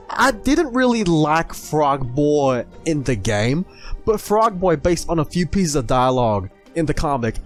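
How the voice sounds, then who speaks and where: A man hosting a video, chatting casually and gushing excitedly as he reads through comics, laughing often. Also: fairly high pitch. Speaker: video host. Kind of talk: casual commentary while reading comics.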